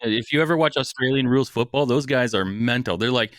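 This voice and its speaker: A man's voice: mid-range voice, fast, no room sound. A man guesting on a podcast, chatting casually in a jokey, exaggerating way and laughing often. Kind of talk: casual chat.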